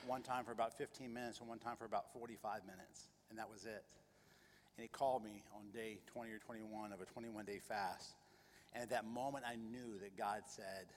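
A man's voice: medium pitch, in a large hall, a little hiss or hum. Earnest male pastor telling a story. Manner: earnest storytelling, repeats himself. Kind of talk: sermon testimony.

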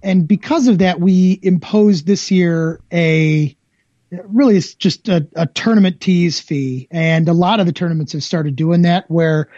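Podcast guest, man, calm explainer, muffled dry audio. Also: high voice, unhurried, dry recording. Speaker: tournament organizer on a podcast. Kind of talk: casual chat.

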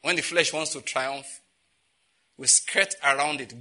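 A man's voice: on the high side, a little slow, pauses often, sharp tone. A man preaching a conversational sermon, laughing often and asking his listeners rhetorical questions. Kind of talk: sermon teaching.

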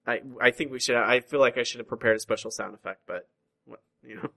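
A man's voice: mid-range voice, fast talker, gravelly, pushed and bright, poor audio. A man hosting a casual podcast chat, chatty and easygoing, often restarting his sentences. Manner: chatty, hesitant restarts, laughs easily. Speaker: podcast host.

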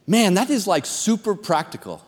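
Animated pastor preaching in a reverberant hall. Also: male voice, sits high, normal speed. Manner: animated, self-deprecating, acts out quotes loudly. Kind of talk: sermon with personal storytelling. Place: church sanctuary.

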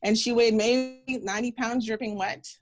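A woman's voice: fairly high pitch, fairly even intonation, normal speed. A woman in her thirties, a physician guest in an interview, talking earnestly and encouragingly, repeating phrases and acting out quotes. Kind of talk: interview storytelling.

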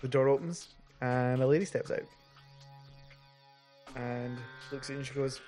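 Male game master, mid-pitched, halting narration full of restarts, tabletop session. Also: fairly even intonation, a little mellow, faint music behind. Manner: halting, many restarts and fillers.

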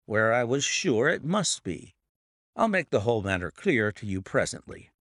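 A male audiobook narrator voicing a cool, commanding gentleman detective who speaks crisply and precisely. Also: mid-range voice, big pitch swings, moderate pace, no room sound, clean studio sound.

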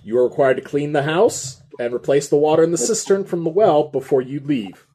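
A man's voice: on the high side, a little fast, dark tone, slightly rough. A man running a tabletop game as game master, laid-back and chuckly as he narrates.

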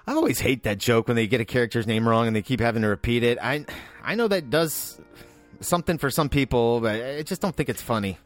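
A man's voice: mid-range voice, quick pace, soft background music. A man co-hosting a casual movie podcast, rambling with lots of filler words and restarts. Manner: rambling, hesitant, many fillers. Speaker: podcast co-host. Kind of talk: casual movie-discussion banter.

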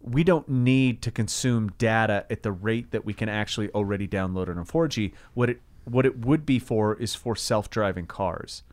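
A man's voice: on the low side, moderate pace, hardly any pauses. A man hosting a podcast in casual chat, rambling, swearing freely and laughing often. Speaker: podcast host.

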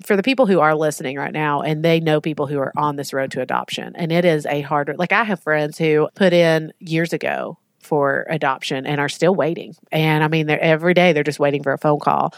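A woman hosts a conversational interview, her voice sitting very low and recorded close and dry. She asks probing questions with empathy. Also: steady tone, brisk, few pauses, no echo. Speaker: podcast host.

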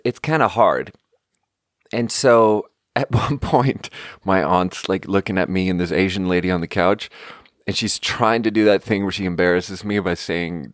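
A man's voice: lowish voice, no room sound, clean studio sound. A young man hosting a podcast, telling a story in a casual, rambling way and saying "like" a lot. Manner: rambling, conversational, heavy use of "like". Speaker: podcast host.

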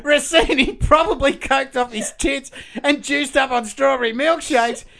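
A man's voice: extremely high pitch, fairly even intonation, a little slow, vocal fry, bright, forceful tone. A man reads a crime story aloud on a podcast, swearing freely and breaking into laughter as he goes. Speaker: podcast co-host reading the story. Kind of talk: casual comedic reading.

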